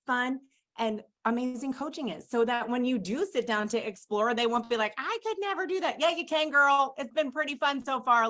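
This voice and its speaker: A woman's voice: fairly high pitch, sharp tone. A woman speaking in a chatty, upbeat way on a training call for coaches.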